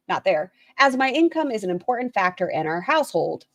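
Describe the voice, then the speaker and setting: A woman's voice: mid-range voice, animated, a little fast, few pauses, dry recording. A woman hosting a livestream, reading out a written statement and viewers' chat messages and commenting on them bluntly, swearing casually. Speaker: livestream host.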